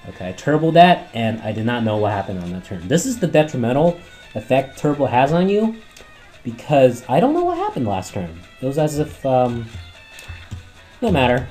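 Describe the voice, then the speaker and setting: A man commentating his gameplay run, rambling and swearing often, his throat worn from yelling at the screen. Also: mid-range voice, very animated, normal speed, faint music behind. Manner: rambling, heavy swearing, talks back at the game. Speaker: let's play host.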